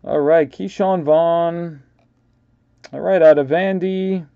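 A man's voice: a little high, fairly even intonation, takes it slowly, creaky, clear, resonant tone, no echo, narrow, tinny audio. A man with a New York accent hosting a live card break, casually calling out player names and stumbling over some of them.

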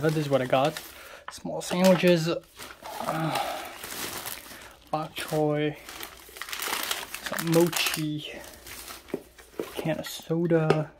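A man's voice: on the high side, flat delivery, drawn-out words, pauses often, background noise. A young man vlogging from his apartment, casually retelling his day in a rambling way, full of fillers and acted-out quotes. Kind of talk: casual diary-style storytelling.

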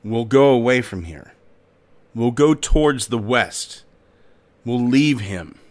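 A man voicing a huge, slow-witted male creature made of stone, speaking in a lower, wary tone. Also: animated.

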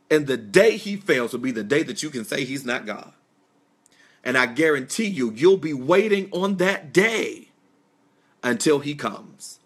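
A man's voice: mid-range voice, a bit bright, husky. A young man preaching a sermon on a live stream, telling a personal testimony with fervent, swelling emphasis and casual asides. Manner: impassioned, rising and falling emphasis, conversational asides. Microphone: phone or webcam live stream.

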